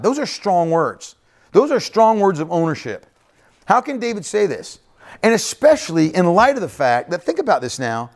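Animated man preaching a conversational sermon. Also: a little high. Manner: conversational preaching, frequent "right?" asides and repeated phrases. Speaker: pastor.

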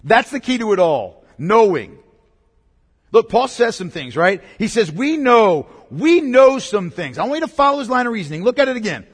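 A man's voice: sits high, very animated, fairly quick, slightly rough. A man preaching a sermon in an emphatic way, repeating key words and asking the congregation questions. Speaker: pastor. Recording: long reverb of a large hall.

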